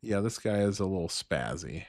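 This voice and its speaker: A man's voice: deep voice, lively intonation, normal speed, a little mellow, dry recording, clean studio sound. A man hosting a livestream, reacting to videos with crude, mocking commentary and muttered asides.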